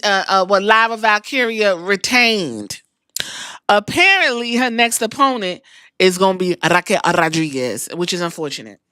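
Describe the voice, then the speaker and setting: Sassy bright-voiced woman recapping wrestling. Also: medium pitch, dry recording, studio quality. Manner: sassy, profane, chatty. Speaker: podcast host.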